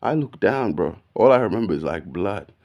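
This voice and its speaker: A man, telling a story in a casual, slangy, animated way, saying "bro" all the time. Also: lowish voice, normal speed, lo-fi sound. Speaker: video podcast host.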